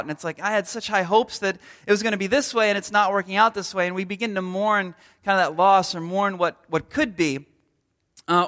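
High, bright-voiced man preaching casually. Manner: humorous storytelling, acts out little scenes; loose, with many fillers and restarts. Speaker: pastor. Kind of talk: conversational sermon.

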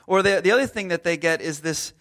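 A man's voice: high-pitched, fast, a bit bright. A man in his thirties giving a loose, humorous sermon as a pastor, telling everyday stories with lots of fillers and restarts. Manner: humorous storytelling, acts out little scenes. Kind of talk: conversational sermon.

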